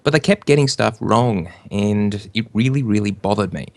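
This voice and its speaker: A man guesting on a podcast interview, talking in a measured, precise way about running his own show. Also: on the low side, a little mellow, no room sound. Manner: measured, precise, self-described control freak. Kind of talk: casual interview.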